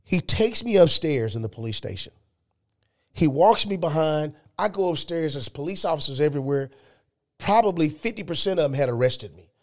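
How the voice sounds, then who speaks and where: A man's voice: fairly high pitch, normal speed. Emphatic storytelling man. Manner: animated, emphatic storytelling with rising excitement. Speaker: guest. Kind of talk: storytelling interview.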